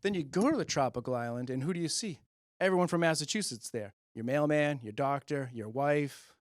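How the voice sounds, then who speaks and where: A man's voice: fairly high pitch, brisk, dry recording, studio quality. A man doing a rambling, self-amused stand-up monologue into a handheld mic on a public-access show. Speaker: comedian host.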